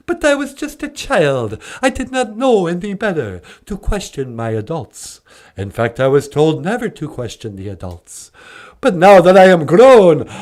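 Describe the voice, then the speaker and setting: A man's voice: high voice, darkish tone, voice pushed up. A man doing a put-on Transylvanian accent as a theatrical male vampire count who is obsessed with counting and laughs "ah, ah, ah".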